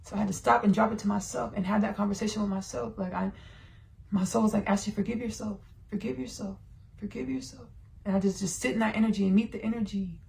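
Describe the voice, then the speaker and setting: A woman with a mid-range voice and a gravelly, fry-laced texture hosts a spiritual podcast. She speaks slowly and meditatively, drawing out her words. She moves between a channeled monologue and personal sharing. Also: mid-range voice, fairly even intonation, darkish tone. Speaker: podcast host.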